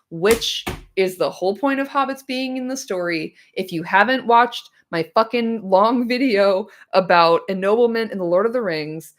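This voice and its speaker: A woman talks to her stream chat in a loose, casual way, swearing freely and getting worked up. Her voice is a little hoarse and not at full strength. She rants animatedly, with sudden bursts of emphasis. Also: mid-range voice, moderate pace, few pauses. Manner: animated, profane, ranting. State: slightly hoarse. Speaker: streamer discussing a book chapter.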